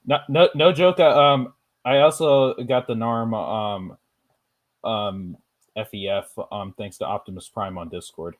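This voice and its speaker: A man's voice: on the low side, a little slow. A man chatting casually with a friend while playing a game, laughing often and rambling loosely. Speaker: streamer. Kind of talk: casual gaming chat.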